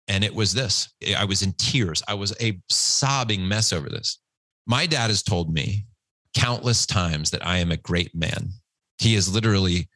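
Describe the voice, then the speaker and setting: A man's voice: fairly low pitch, a bit bright, no echo. A man in his forties, earnestly telling a personal story as a podcast guest, acting out the voices of people he quotes. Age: 40s. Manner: emotional, earnest, acts out quotes.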